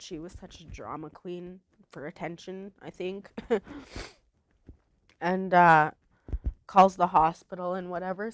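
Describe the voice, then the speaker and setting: A woman, giving a personal testimony in a halting, soft-spoken way with many pauses. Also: medium pitch. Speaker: interviewee telling her life story.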